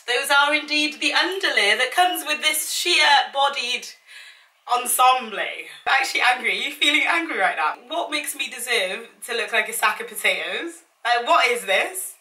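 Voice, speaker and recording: A woman's voice: a little high, lively intonation, normal speed, sharp tone. A young woman in her twenties, chatting casually in a dramatic, self-mocking, exasperated way while trying on clothes at home. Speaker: vlogger. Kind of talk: casual try-on haul chat. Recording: echoey room, mic at a distance.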